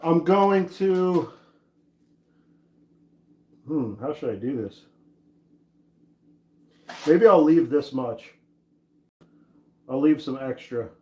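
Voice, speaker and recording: A man's voice: fairly high pitch, lively intonation, very slow, pauses often, warm tone. A man in his thirties, casually chatting and laughing with viewers while he works on an axe handle during a livestream. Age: 30s. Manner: chatty, laughs easily, reads and answers chat. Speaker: woodworker livestream host.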